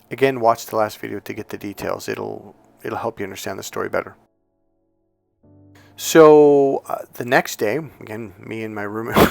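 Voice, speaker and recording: A dating coach tells a story to the camera, animatedly playing the different people involved. His voice sits at a medium pitch with some vocal fry.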